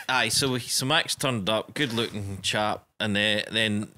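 A man's voice: fairly low pitch, unhurried, pushed and bright. A man, a photographer, telling stories in casual chat and laughing often, recorded outdoors by a pool. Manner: storytelling, laughs a lot.

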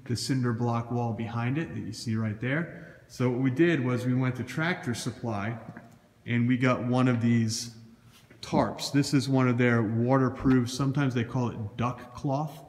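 A man's voice: medium pitch, fairly even intonation, measured pace, darkish tone. A man with a Boston accent, a throws coach giving a casual, loose how-to walkthrough and correcting himself as he points things out on camera. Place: indoor gym throwing area. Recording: echoey gym with long reverb.

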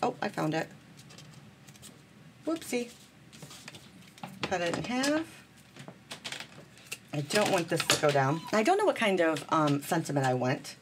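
A woman's voice: lowish voice, very animated, unhurried, pauses often, background noise. A woman chatting bubbly and self-deprecating while she demonstrates card making at her craft table, talking to viewers as friends.

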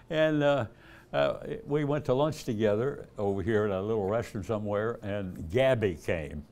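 A man's voice: lowish voice, moderate pace, a little mellow. An older man, an evangelist telling folksy stories in a sermon and acting out the dialogue. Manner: folksy, acts out dialogue in a raised voice, chuckles often. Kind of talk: storytelling sermon.

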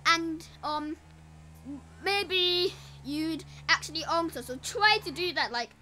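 A woman talking to camera as a gaming YouTuber in an energetic, rambling, chatty way. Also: very high voice, takes it slowly, slight background noise. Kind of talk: casual vlog to camera.

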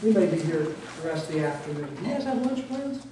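Joking pastor preaching in an echoey hall. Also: male voice, a little high, big pitch swings, brisk, noisy background. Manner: folksy and joking, with repeated emphatic words. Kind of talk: sermon. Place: church sanctuary. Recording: echoey church hall, voice from a distance.

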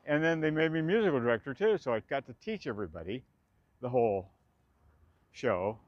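A man's voice: mid-range voice, expressive, fairly quick, no echo. Rambling older man, dry and slightly dull. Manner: rambling, chatty, laughs often, restarts sentences. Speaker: former dancer recalling his theater days. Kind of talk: casual spoken reminiscence. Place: outdoors in a city park.

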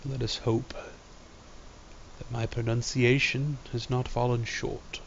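A man's voice: mid-range voice, level tone, slow, dull audio, a little hiss or hum. A man chatting casually and goofily on a live game stream. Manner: goofy, rambling, playful voices.

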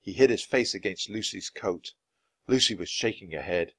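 A man reading a children's book aloud, clear and expressive, at an easy pace for learners. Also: fairly low pitch, moderate pace, no echo. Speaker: storybook reader.

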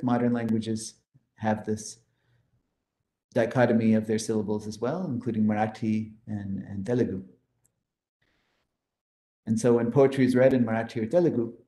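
Mellow-voiced man lecturing in an echoey hall. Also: mid-range voice, a little hiss or hum. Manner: explanatory, enthusiastic, with frequent "right?" checks. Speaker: mathematics lecturer. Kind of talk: conference lecture.

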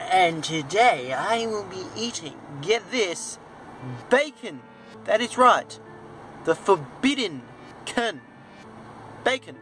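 Slow and full of pauses, this young Australian speaks in a high, fairly bright voice with big pitch swings, faking an American accent for a casual cooking vlog. He rambles self-mockingly in his home kitchen, shot on a handheld phone, as bacon sizzles under faint music; the audio is poor.

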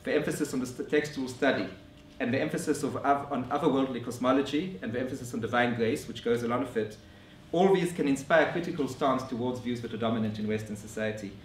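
A man giving a scholarly conference lecture in a measured way, often restarting his phrases. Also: mid-range voice, a little hiss or hum. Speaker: academic lecturer. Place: lecture room. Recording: roomy echo from a distant mic.

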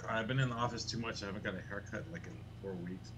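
A man calling in from home through his computer, dropping quick, mumbled remarks. His voice sits low, with a faint hiss on the line. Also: a bit bright. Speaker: call-in guest. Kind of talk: casual chat. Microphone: computer mic on video call.

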